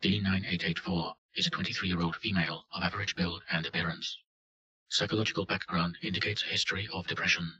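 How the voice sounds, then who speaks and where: The same very low, forceful, bright male voice reads a report quickly in a flat, factual tone. It's scripted narration with lo-fi sound.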